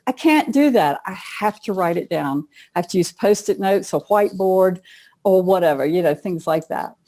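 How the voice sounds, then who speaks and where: A woman's voice: fairly low pitch, lively intonation, normal speed, mellow. A middle-aged woman, an author and coach, telling stories in a chatty way during an interview. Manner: chatty storyteller, laughs often. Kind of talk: casual interview conversation.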